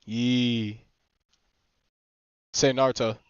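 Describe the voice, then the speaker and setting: A young man streaming a game, chatting casually with teammates, excitable, swearing and laughing often. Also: mid-range voice, very slow, clean tone, dry recording. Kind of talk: casual gaming chat with teammates. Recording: slightly muffled dry stream mic.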